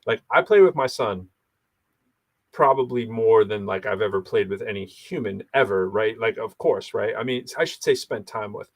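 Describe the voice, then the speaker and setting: A man's voice: fairly low pitch, moderate pace. A man co-hosting a podcast, chatting casually and animatedly, telling stories with quoted voices. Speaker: podcast co-host. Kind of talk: casual chat.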